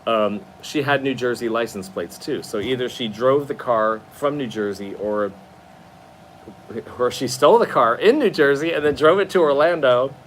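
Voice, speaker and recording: A man's voice: medium pitch, moderate pace, slight background noise. A tired man hosting a casual live stream from his new apartment, chatting expressively and answering viewer comments. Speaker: livestream host.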